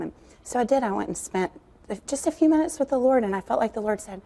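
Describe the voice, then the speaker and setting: A woman's voice: on the high side, expressive, quick pace, creaky, mellow. A woman, a guest author, talking candidly about faith and family in an earnest, confiding way with frequent fillers.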